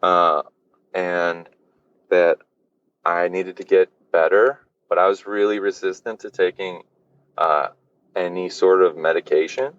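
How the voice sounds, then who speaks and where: A man's voice: low-pitched, steady tone, unhurried, fairly bright tone, no echo, lo-fi sound. A man guesting on a podcast, telling a personal story casually, with lots of fillers and swearing. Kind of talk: candid storytelling.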